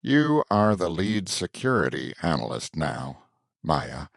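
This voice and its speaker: A man reading a story aloud, voicing a poised, shrewd woman executive assistant in a measured, lightly raised tone. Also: sits low, gravelly, dry recording, studio quality, heavily acted. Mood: measured, earnest. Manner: calm, measured, warning in a hushed tone.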